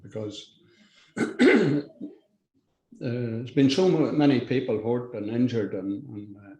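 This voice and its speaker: Older Irish man, mellow halting voice. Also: medium pitch, echoey room, poor audio. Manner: halting, restarts sentences, blunt with swearing. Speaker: podcast guest. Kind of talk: casual conversational interview.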